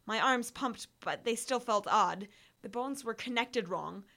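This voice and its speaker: A woman's voice: fairly high pitch, unhurried, creaky, bright, forceful tone. A woman reading a first-person story aloud, building to breathless urgency in the action. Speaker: audiobook narrator.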